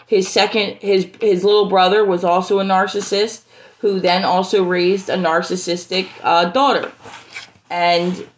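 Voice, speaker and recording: A woman talks casually through her theory, stopping and restarting often. Her voice sits at an ordinary middle pitch. The recording is a little muffled and carries a faint hiss. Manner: halting, many fillers and restarts. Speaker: fan theorist. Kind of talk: casual spoken fan theory.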